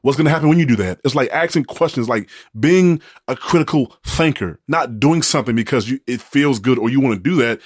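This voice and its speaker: Man co-host, mid pitch, rambling storyteller, jokey, dry close mic. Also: brisk, hardly any pauses, husky, no echo. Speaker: podcast co-host. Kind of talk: casual chat.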